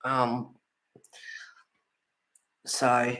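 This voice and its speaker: A man's voice: medium pitch, completely flat delivery, drawn-out words, pushed and bright. A man hosting a colouring stream from home, telling rambling stories with frequent laughs. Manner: rambling storyteller, laughs often. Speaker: colouring channel host. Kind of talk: casual chat while colouring.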